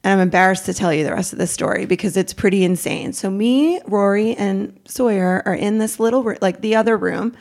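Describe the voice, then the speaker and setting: Woman, 30s, podcast guest, emotional storytelling, animated, mid-pitched voice. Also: fairly quick, hardly any pauses. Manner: animated, acts out quotes with pitch jumps.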